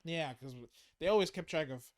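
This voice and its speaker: A man co-hosting a casual podcast chat about web novels, excitable and jumping up in pitch when he gets hyped. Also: fairly quick, dry recording, clean studio sound. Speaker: podcast co-host.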